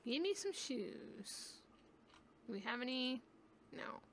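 High, bright-voiced woman chatting over gameplay. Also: big pitch swings, takes it slowly, a little hiss or hum. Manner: chatty and rambling, thinks aloud. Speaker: gaming YouTuber. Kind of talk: casual gameplay commentary. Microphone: webcam.

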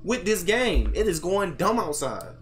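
A man's voice: sits high, sing-song, measured pace, faint music behind. Panicky young man playing a horror game. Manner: jumpy, panicky, yelling at the game. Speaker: gamer. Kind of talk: horror let's-play commentary.

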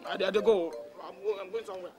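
A woman's voice: medium pitch, steady tone, racing, natural voice. An actress with a Nigerian accent playing a defiant young woman who stammers when pressed. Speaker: young daughter. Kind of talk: Nollywood film acting. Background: loud film score music.

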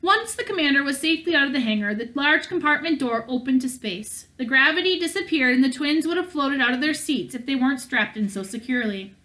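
A woman reading a novel aloud in a steady manner, with small slips and restarts along the way. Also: high-pitched, fairly quick, few pauses. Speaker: audiobook reader.

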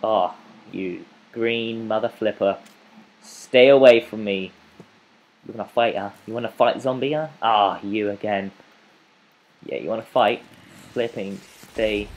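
A young man giving let's play commentary, frustrated, swinging between muttering and yelling at the game. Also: lowish voice, a little slow, long pauses, highs cut off. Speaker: gamer.

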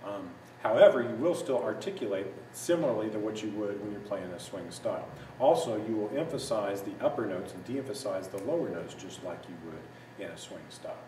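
A lower-voiced man walks students through a sax part one note at a time, patient and methodical, now and then scatting the rhythm. He sounds some way off from the mic in an echoey room, with steady noise behind him. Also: brisk, recorded from a distance. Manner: patient, methodical, sings phrases in scat syllables. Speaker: music teacher. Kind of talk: instructional walkthrough.

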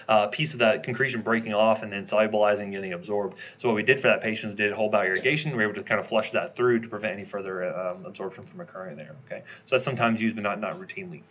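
A man giving a conversational lecture, quizzing his class with quick questions as he teaches. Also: on the low side, steady tone, fairly bright tone, dull audio. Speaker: toxicology lecturer.

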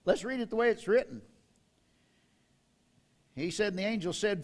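An older man preaching a sermon in a church, reading scripture with slow, dramatic emphasis. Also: high voice. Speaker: pastor. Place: church sanctuary.

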